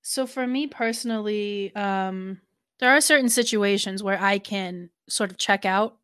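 A woman's voice: medium pitch, unhurried, smooth, dry recording, studio quality. A woman in casual reaction chat, recapping a series scene with lots of laughter and "like" fillers. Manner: animated, laughing often, many "like" fillers. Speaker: co-host of a reaction show.

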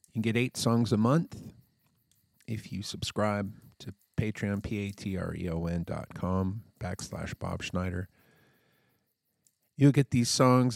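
Rambling, joking man with a lowish voice. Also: slight background noise. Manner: rambling, self-mocking humor; sudden bursts of loud, high enthusiasm. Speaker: musician hosting his own podcast. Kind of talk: casual monologue.

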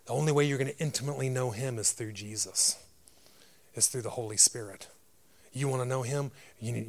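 A man preaching a sermon as a pastor, with a loud, grumbly voice and a direct, emphatic manner full of rhetorical questions. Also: medium pitch, creaky.

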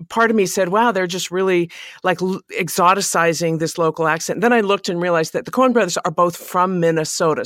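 A man's voice: high-pitched, fairly bright tone, no echo, studio quality. Thoughtful man podcast co-host. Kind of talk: casual discussion.

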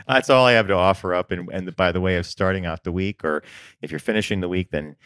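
A man co-hosting a business podcast in casual chat, an animated storyteller who laughs often. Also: sits low, a little fast, clean tone, dry recording, clean studio sound. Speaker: podcast co-host.

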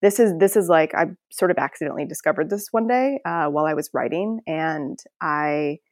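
A woman speaking as a podcast guest in casual storytelling, animated and laughing often as she acts out voices. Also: low-pitched, brisk, no room sound, studio quality.

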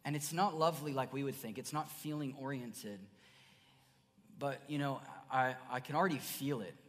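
A man preaching a sermon as pastor, earnest, dropping to soft murmurs then rising to emphatic bursts. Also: mid-range voice, moderate pace. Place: church sanctuary. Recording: church hall reverb.

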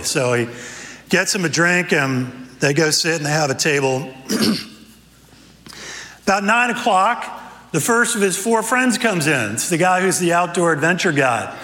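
A man, a pastor, preaching a sermon, praying and then telling a lively story with character voices. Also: measured pace. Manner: animated storyteller, voices characters with raised pitch. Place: church sanctuary. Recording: church hall reverb.

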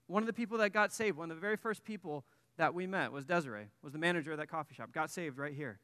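A man's voice: on the high side, bright, forceful tone, in a large hall. A man in his thirties, a pastor telling a personal story in a casual sermon, with lots of fillers and restarts. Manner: casual, self-deprecating, many fillers and restarts.

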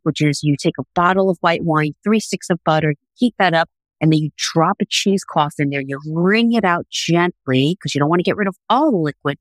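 A woman's voice: low-pitched, no room sound, low-quality recording. Middle aged woman on a call, chatty storyteller, dry sound. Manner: lively, vivid storytelling. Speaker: guest, food TV producer. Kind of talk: casual podcast interview. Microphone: remote call.

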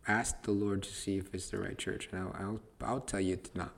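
A man's voice: deep voice, flat delivery, a little fast, gravelly, breathy edge. A man hosting a podcast, teaching the Bible in casual conversation, emphatic and repetitive, restarting phrases to stress them.

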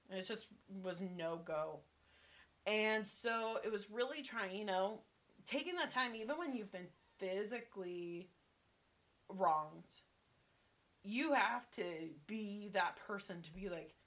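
A woman's voice: mid-range voice, sharp tone. A woman co-hosting a podcast, telling a personal story in a candid, reflective way. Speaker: podcast co-host. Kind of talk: casual chat.

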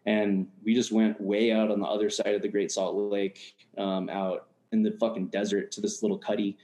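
Man, low-pitched, laid-back slangy storytelling, echoey room. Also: little pitch movement, normal speed, warm tone. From United States. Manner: constant fillers like "you know what I mean". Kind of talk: casual storytelling. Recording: roomy echo.

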